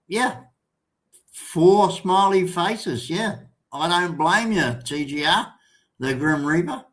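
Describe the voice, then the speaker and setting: A man's voice: fairly high pitch, fairly bright tone. An older Australian man hosting a casual live stream, rambling and swearing, calling viewers mate and son.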